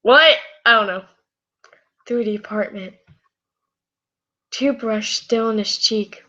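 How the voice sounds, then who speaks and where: A woman's voice: mid-range voice, fairly even intonation, takes it slowly, sharp tone. A woman casually reading fan fiction aloud on a live stream, rambling and apologizing, tired with a scratchy throat. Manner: giggly, rambling, apologetic asides. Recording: muffled lo-fi audio.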